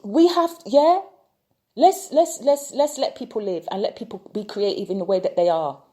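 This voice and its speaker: A British tarot reader and vlogger delivers an impassioned opinion rant, repeating rhetorical questions again and again. Her voice is medium-pitched and dark in tone, at a moderate pace.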